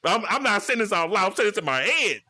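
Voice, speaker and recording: A man hosting a podcast and telling a story in an easy, casual way. His voice sits a little high and bright, and it swings widely as he acts out the quotes. He talks through a headset mic. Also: fast. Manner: animated, acts out quotes, stammering restarts. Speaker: podcast host.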